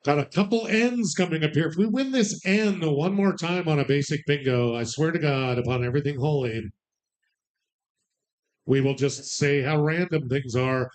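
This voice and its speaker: A man calling bingo numbers, drawing each call out slowly and tossing in quick, playful joking asides. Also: a little high. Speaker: bingo caller.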